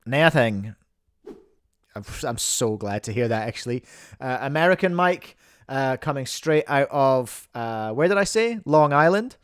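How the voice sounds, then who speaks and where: A man with a New Zealand accent calls a livestream event like a sportscaster, playful and rambling, often mocking himself. His mid-pitched voice sounds smooth and resonant. It is recorded dry and close, with no room sound. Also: expressive, normal speed, no echo. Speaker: host and commentator. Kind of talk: mock sports commentary on a livestream.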